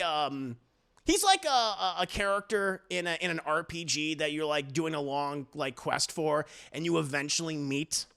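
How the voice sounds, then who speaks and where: A man giving a casual, profane movie review on a live stream, animated and slipping into mock voices for the characters. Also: fairly high pitch, moderate pace. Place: home streaming setup. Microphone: desk mic on a live stream.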